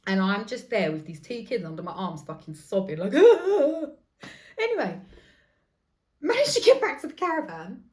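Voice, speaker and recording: A woman in her thirties, a podcast host telling a story in a casual monologue, animated and quick to laugh, swearing freely. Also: mid-range voice.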